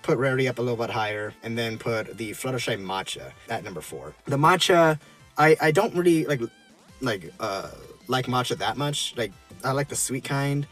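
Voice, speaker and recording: A man casually reviewing drinks from his car, halting and full of fillers and restarts, chuckling often. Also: mid-range voice, expressive, a bit bright, soft background music.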